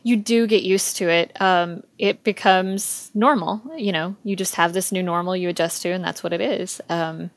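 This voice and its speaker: A woman's voice: on the low side, steady tone, normal speed, few pauses, no echo. Candid, chatty woman guest. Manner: candid, chatty, frequent ums and laughs. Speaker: podcast guest. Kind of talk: casual interview chat.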